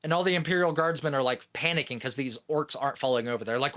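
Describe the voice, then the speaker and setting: A man co-hosting a gaming podcast, telling a long joke with lively energy, swearing freely and laughing often. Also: medium pitch, fast talker. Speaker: podcast co-host. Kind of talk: casual podcast chat.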